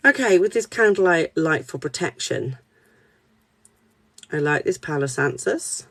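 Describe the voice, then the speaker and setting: A woman's voice: low-pitched, lively intonation, measured pace, pauses often. A woman, speaking as a spiritual card reader at her desk, reassuring and candid, swearing casually. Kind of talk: live spiritual reading chat.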